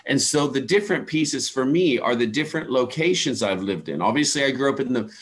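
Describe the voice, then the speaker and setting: Slow-spoken American Midwestern man teaching. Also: medium pitch, animated. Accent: American Midwest, softened by years abroad. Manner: slow, deliberate, spells out words letter by letter. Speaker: English pronunciation teacher. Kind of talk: online class lecture.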